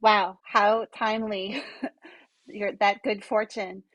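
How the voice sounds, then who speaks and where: A woman's voice: mid-range voice, flat delivery, takes it slowly, fairly bright tone, no room sound, poor audio. A woman hosting a podcast interview, summarizing her guest's story and asking supportive questions.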